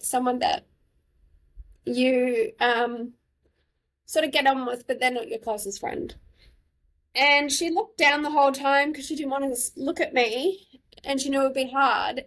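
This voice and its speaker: A woman co-hosting a podcast, telling a personal story in a tearful, candid, halting way with many fillers. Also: high voice, fairly bright tone. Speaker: podcast co-host. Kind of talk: emotional personal story in casual chat.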